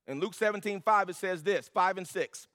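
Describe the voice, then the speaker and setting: A man's voice: high-pitched, normal speed, fairly bright tone, in a large hall. A man preaching a sermon as pastor, building to emphatic, repeated lines.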